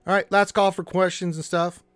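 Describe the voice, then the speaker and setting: A man's voice: high voice, level tone, a little fast, a bit bright, clear, resonant tone, dry recording. A man hosting a casual gaming live stream, joking and rambling with lots of restarts into a close mic.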